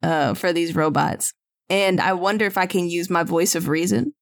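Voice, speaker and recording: A woman playing a tabletop role-playing game, thinking aloud with laughs and halting restarts. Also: on the low side, creaky. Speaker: player. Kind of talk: casual tabletop role-play chat.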